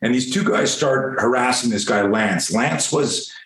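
A man spins a long, profane story in a relaxed interview. He throws in acted-out bits of dialogue. His middle-pitched voice carries a noticeable room echo. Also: unhurried. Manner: profane, animated storyteller acting out quotes. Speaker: guest. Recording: roomy echo.

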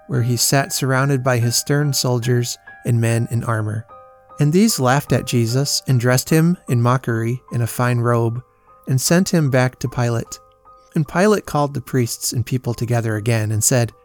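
A man reads a children's Bible story in a steady, solemn storyteller's voice of middle pitch. His pacing is measured and careful. Soft guitar plays faintly underneath. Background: faint guitar music.

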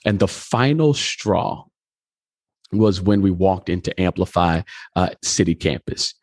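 A man's voice: low-pitched, a little slow, dry recording, studio quality. A pastor telling his story in a conversational interview, acting out the dialogue as he goes. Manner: animated storyteller, acts out dialogue.

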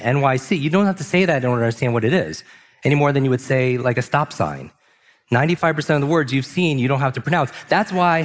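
A man giving an energetic motivational talk on a large stage, asking the audience questions and slowing down for emphasis. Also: medium pitch. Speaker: speaker. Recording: long hall reverb.

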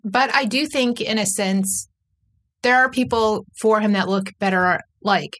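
A woman co-hosting a casual podcast, recapping at an average pitch. She talks in a chatty way, fills her sentences with "like," and briefly acts out the people she quotes. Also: unhurried, fairly bright tone. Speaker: podcast co-host.

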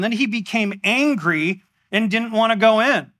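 A man preaching a sermon in a church, animated and exclamatory in a conversational way. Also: high voice, measured pace, few pauses. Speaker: pastor.

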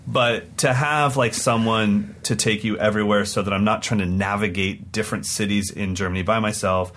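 Excited male podcast host, lowish voice. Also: normal speed. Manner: excited, rambling storytelling. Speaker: podcast co-host and touring drum clinician. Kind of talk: casual podcast chat.

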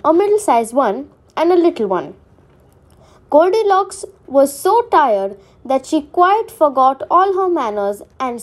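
A woman reading a children's fairy tale aloud, expressive and deliberate. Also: sits high. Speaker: storyteller. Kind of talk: storybook read-aloud narration.

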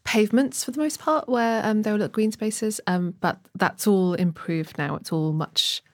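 A woman's voice: medium pitch, normal speed, dry recording, clean studio sound. A young woman from Wales, co-hosting a podcast, talking thoughtfully with lots of hedging. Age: young adult. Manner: thoughtful, hedging with "sort of" and "kind of". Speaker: podcast co-host. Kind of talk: casual conversation.

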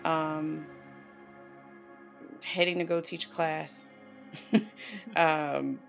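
Low, gravelly-voiced woman telling a personal story. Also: steady tone, very slow, soft background music. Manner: emotional, earnest, heavy on fillers like "you know". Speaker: podcast guest.

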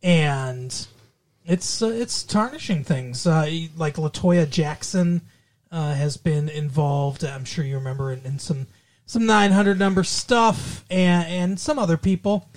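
A man's voice: fairly high pitch, measured pace, a little mellow. Playful young man co-hosting a chat show. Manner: playful, teasing, goofy. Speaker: co-host. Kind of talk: casual comedic chat show.

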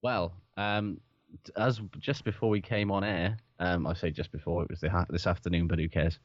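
A man's voice: sits low, fairly even intonation, moderate pace, no echo, dull audio. A man co-hosting a podcast, chatting casually about sport, rambling, swearing and laughing often. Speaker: podcast co-host.

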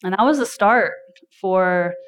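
A woman's voice: mid-range voice, unhurried. A woman life coach giving a motivational talk at a live event indoors, chatty and storytelling, laughing often.

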